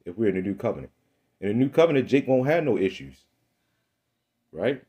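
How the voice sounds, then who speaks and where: A man's voice: fairly low pitch, sing-song, brisk, warm tone. A man preaching an informal sermon, fiery and rhetorical, constantly checking in with "right?" and "man.". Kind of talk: informal street-style sermon.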